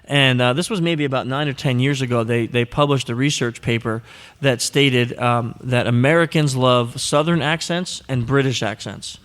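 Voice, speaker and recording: A man's voice: medium pitch, moderate pace, fairly bright tone. A male podcast host speaking live in front of an audience at an event. He answers questions casually, teases his co-hosts, and slips into playful voices when quoting people. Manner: joking, teasing, acts out quoted voices.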